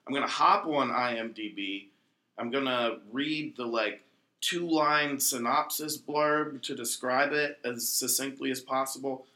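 A man's voice: medium pitch, a little slow, sharp tone. A man hosting a casual podcast chat, laid-back and loose, swearing as he explains the next game. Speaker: podcast host. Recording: echoey room.

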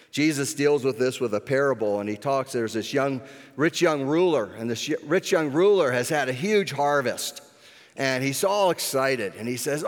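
Earnest preacher in an echoing hall. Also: male voice, medium pitch. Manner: earnest, with restarts and slowed emphasis. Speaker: pastor. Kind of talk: sermon. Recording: echoey hall with long reverb.

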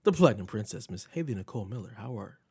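Podcast host, man, husky low voice with fry, relaxed teasing delivery. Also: fast, no room sound. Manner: laid-back, teasing. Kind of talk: casual chat.

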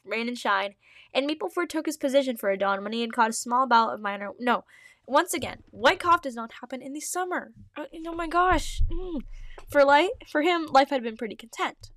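A woman's voice: high-pitched, a bit bright, no echo, studio quality. A woman hosting a show, reading her old fanfiction aloud and breaking off for giggly, self-mocking comments. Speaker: podcast host.

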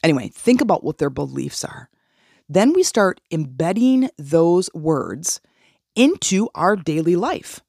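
A woman's voice: on the low side, sing-song, a little slow, gravelly, a little mellow, slightly rough, dry recording, clean studio sound. Earnest woman coaching on self-talk. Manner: earnest, coaching, asks rhetorical questions. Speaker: podcast host. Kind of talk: motivational solo podcast talk.

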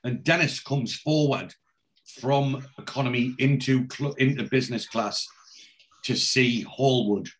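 A man casually retelling a TV episode as a podcast host, animated and full of voices. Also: medium pitch, measured pace. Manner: animated storyteller, doing voices.

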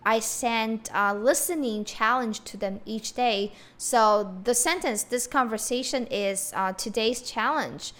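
A young woman hosting a podcast lesson, repeating phrases slowly and explaining them word by word. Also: fairly high pitch, fairly bright tone. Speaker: Mandarin teacher, podcast host. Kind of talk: bilingual language lesson.

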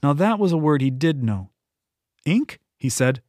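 A man reading a novel aloud in steady, scripted audiobook narration on a close mic. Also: fairly high pitch, fairly quick, no echo. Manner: steady storytelling delivery.

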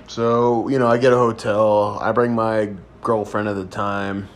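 A man's voice: on the low side, flat delivery, measured pace, few pauses. A young man in his twenties telling a rambling, crude story in a casual chat. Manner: crude, rambling, laid-back. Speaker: podcast host.

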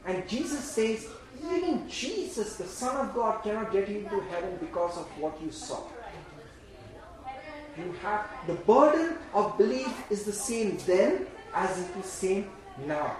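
A man preaching a sermon in an emphatic, repetitive way, swinging between loud bursts and hushed lines, and leading the congregation in repeating phrases. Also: sits high, animated, a little slow. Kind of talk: sermon with call-and-response. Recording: very echoey room.

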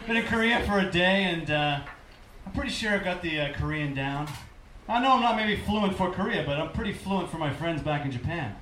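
A man's voice: sits high, animated, brisk. A man doing a stand-up set with dry, self-mocking crowd work. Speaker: stand-up comedian. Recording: echoey club, distant mic, loud noise.

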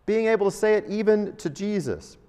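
A man delivers a sermon in a relaxed, talky manner and breaks into emphatic bursts. His voice sits a bit higher than most men's. A long hall reverb hangs after his phrases. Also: brisk, clear, resonant tone. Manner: conversational and emphatic, with sudden jumps in loudness. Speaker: preacher.

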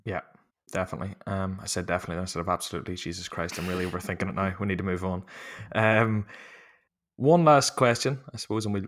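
Male podcast host, slightly low voice, loose rambling chat, self-deprecating, curses often. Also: a bit bright. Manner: rambling, self-mocking, swears freely. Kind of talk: casual chat.

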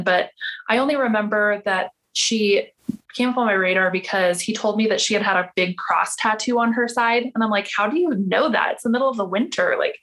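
A woman's voice: medium pitch, a bit bright. Woman, 30s, podcast guest; casual storyteller who acts out the dialogue she quotes. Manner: chatty, many "like" fillers, acts out quoted dialogue.

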